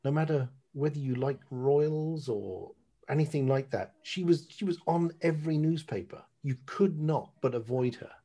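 A middle-aged man chatting as a podcast guest, telling lively anecdotes and swearing freely. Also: on the high side, moderate pace. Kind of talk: casual chat.

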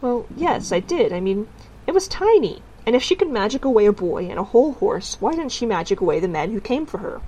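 A woman's voice: on the high side, big pitch swings, fairly quick, warm tone, poor audio. A woman voicing a stubborn, earnest young village girl in a read-aloud storybook, with her voice slightly raised.

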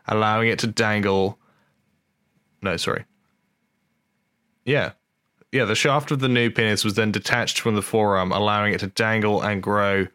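A man's voice: lowish voice, sharp tone, smooth, dry recording, clean studio sound. A man hosting a podcast, reading a news story aloud in casual comic chat, wry and freely swearing, stumbling and rereading lines. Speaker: podcast host.

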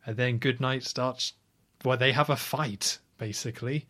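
A man's voice: medium pitch, fairly even intonation, a bit bright. Chatty man recapping a film. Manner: retells scenes at length, chatty with quick asides. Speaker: podcast co-host.

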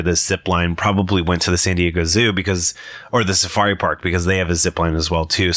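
A man's voice: sits low, a bit bright, dry recording, studio quality. A young man giving a casual, rambling commentary, full of fillers and self-corrections. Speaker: video commentator. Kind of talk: casual trailer breakdown commentary.

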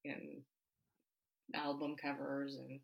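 A woman's voice: rumbling low, monotone, slow, creaky, muffled recording. A woman co-hosting a podcast, chatting casually about history with many fillers and frequent laughs. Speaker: podcast co-host. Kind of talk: casual chat.

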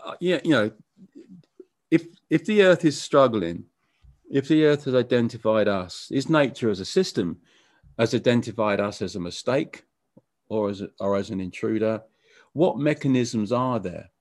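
A man being interviewed as a musician, talking casually in a halting way with frequent stammered restarts. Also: mid-range voice, animated, a little mellow, no room sound, clean studio sound. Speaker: musician guest.

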